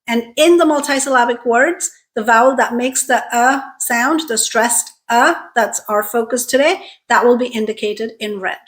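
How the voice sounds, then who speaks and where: A woman teaching English pronunciation, slowly and clearly modeling sounds and words for learners to repeat. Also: a little high. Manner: slow, clearly articulated drilling of words. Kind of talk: pronunciation lesson with repeat-after-me drills.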